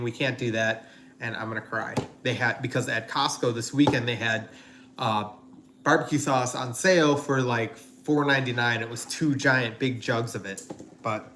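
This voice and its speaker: A man's voice: medium pitch, a bit bright. Guy rambling through a live cooking stream in his kitchen, lots of ums, noisy background. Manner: rambling, chatty, many fillers. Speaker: host cooking on a livestream. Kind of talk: casual live-stream chat. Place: home kitchen.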